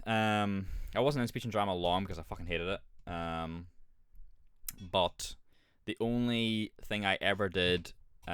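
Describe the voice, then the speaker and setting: A man's voice: on the low side, fairly bright tone, clean tone, dry recording, studio quality. A man with an Irish accent, streaming a game and chatting casually, rambling, swearing often and laughing at himself. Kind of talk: casual gaming chat.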